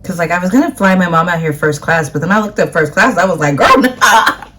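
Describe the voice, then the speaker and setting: A woman's voice: lowish voice, quick pace, a bit bright. A woman from the United States, a vlogger chatting casually to camera in a rambling way with plenty of fillers.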